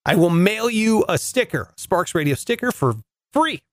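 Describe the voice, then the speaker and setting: A man's voice: high voice, big pitch swings, moderate pace, no room sound, clean studio sound. A man hosting a podcast, telling a comedic story in a chatty, sarcastic way. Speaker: podcast host.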